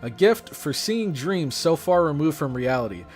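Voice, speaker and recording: A man voicing a proud, arrogant pharaoh king while reading game dialogue aloud, speaking in a haughty, cold, deliberate way. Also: a little high, sing-song, faint music behind.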